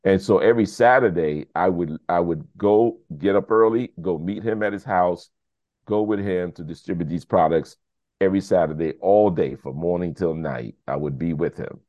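A man's voice: sits low, moderate pace, no room sound, dull audio. A man, a podcast guest telling a story casually, acting out the dialogue with lots of "you know". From United States. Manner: animated storyteller who acts out quoted dialogue, many fillers.

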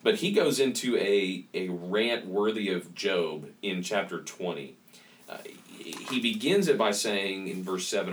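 A man's voice: sits low, expressive, a little slow, far from the mic, a little hiss or hum. A man hosting a podcast conversation, thoughtful, reading scripture aloud and reflecting on it.

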